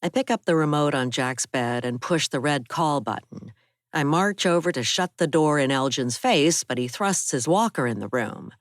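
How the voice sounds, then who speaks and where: A woman reading a first-person thriller as an audiobook narrator, steady and measured. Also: low-pitched, no echo, studio quality.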